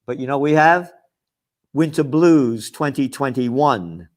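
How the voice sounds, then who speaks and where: A man's voice: medium pitch, takes it slowly. A man delivering a combative, sarcastic rant promoting his trends magazine, full of mocking asides. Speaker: trends forecaster and publisher. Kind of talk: ranting promo monologue.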